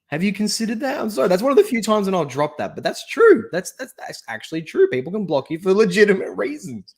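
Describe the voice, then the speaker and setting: A man hosting a casual live stream, chatting in a jokey, animated way with frequent restarts. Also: high-pitched, fast, few pauses. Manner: jokey, animated, often laughs, many restarts. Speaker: stream host.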